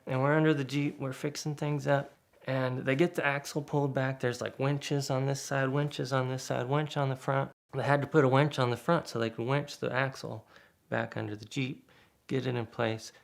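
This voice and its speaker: A man's voice: mid-range voice, creaky. A man casually telling a personal anecdote, animatedly acting out the people he quotes. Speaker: storyteller.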